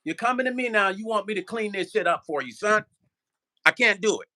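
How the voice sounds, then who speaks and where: A man on his own channel, ranting with a high-pitched voice. His tone is bright and edgy, full of curses and repeated questions. He talks straight to the viewers about someone who wronged him. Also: expressive, a little fast. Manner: profane, repetitive, rhetorical. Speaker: vlogger; musician. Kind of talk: heated casual rant.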